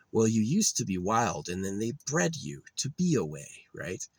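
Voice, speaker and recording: A man's voice: on the low side, very animated, normal speed, few pauses, no echo. A young man vlogging in a rambling, digressive monologue that drifts into rants, full of fillers.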